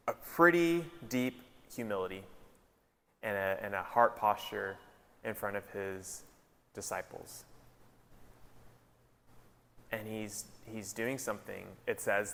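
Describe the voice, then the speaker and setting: A man, a pastor, giving a casual, joking sermon with lively retellings. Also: fairly low pitch, long reverb tail. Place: large hall.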